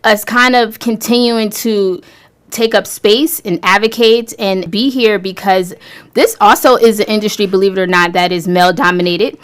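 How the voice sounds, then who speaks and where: A woman hosting a radio talk show with a smooth, resonant voice and an upbeat, enthusiastic delivery. Her pitch sits in an ordinary middle range for a woman. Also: fairly even intonation, moderate pace.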